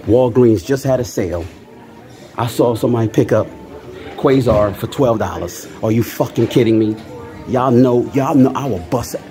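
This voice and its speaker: A man's voice: medium pitch, moderate pace, music in the background. A man filming a casual toy-hunting vlog on a handheld camera, swearing a lot and ranting heatedly. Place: convention floor and stores, indoors.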